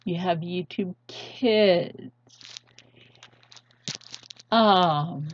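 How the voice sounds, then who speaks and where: A woman's voice: medium pitch, slow, pauses often, a little hiss or hum. A woman hosting her own channel, delivering an impassioned, pleading vlog rant with heavy emphasis. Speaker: channel host. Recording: dull lo-fi sound.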